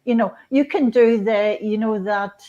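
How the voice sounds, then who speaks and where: A woman speaking as a spiritual guest in a radio interview, unhurried and reflective, with frequent restarts and fillers. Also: mid-range voice, fairly even intonation, mellow, highs cut off.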